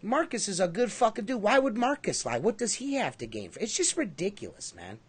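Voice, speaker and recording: A man's voice: sits high, big pitch swings, fairly quick, slightly rough. A man co-hosting a casual livestream podcast, rambling and emphatic with a lot of swearing. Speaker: podcast co-host.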